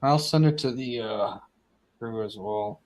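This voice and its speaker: A man's voice: on the low side, unhurried, darkish tone, rough recording. A man co-hosting a live internet radio stream, laid-back, with dry remarks. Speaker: co-host. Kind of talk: casual live-stream chat.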